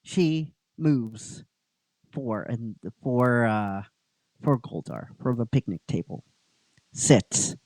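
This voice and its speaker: A man casually retelling a story as a show host, halting and restarting, with the occasional swear word. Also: mid-range voice, lively intonation, darkish tone, no echo, low-quality recording.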